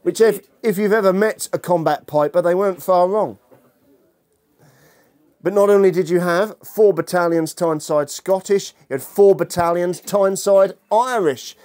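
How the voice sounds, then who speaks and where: A man's voice: high voice, moderate pace, a little mellow. A man lecturing as a historian to an audience, humorous and chatty, bantering with the room. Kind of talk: lecture with jokey asides.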